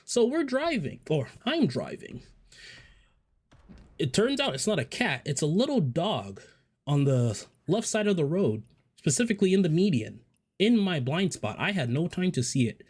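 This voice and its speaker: A man's voice: fairly high pitch, very animated, moderate pace, darkish tone, slightly rough. Man telling a rambling, profane story. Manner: profane, rambling, joking asides. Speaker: storyteller vlogger. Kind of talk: casual storytelling monologue.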